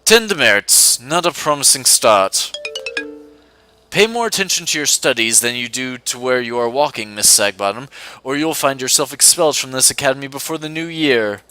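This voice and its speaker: Man putting on a disdainful older British wizard professor, clipped and cold, loud bright voice in a dry room. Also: mid-range voice, normal speed, smooth, no echo, faint music behind, close to an everyday voice, poor audio. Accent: British, put on.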